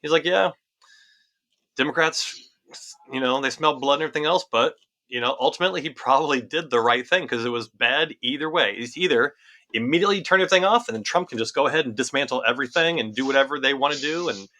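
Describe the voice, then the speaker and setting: A man co-hosting a casual political podcast, talking fast and animated, repeating phrases for emphasis. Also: medium pitch. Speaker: podcast co-host.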